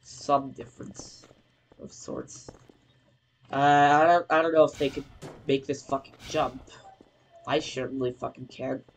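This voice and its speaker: A man's voice: medium pitch, steady tone, a little slow, long pauses, slight background noise, poor audio. A young man casually commenting while playing a video game, swearing often and rambling in asides. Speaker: gameplay commentator. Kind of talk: let's play commentary.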